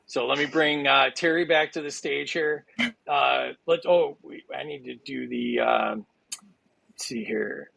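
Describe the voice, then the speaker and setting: A man's voice: medium pitch, unhurried, vocal fry, pushed and bright. A man hosting a chaotic online game show, joking and rambling with lots of ums and uhs as he handles the scores. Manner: jokey, rambling with many fillers.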